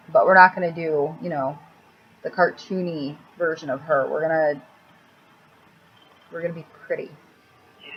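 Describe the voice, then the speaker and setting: A woman's voice: low voice, fairly even intonation, a little fast, pauses often. A woman rambling bluntly and crudely in a casual makeup vlog, recorded at home on a laptop mic. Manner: blunt, crude, cranky, swears freely. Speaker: makeup vlogger. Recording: slightly dull laptop audio with faint hiss.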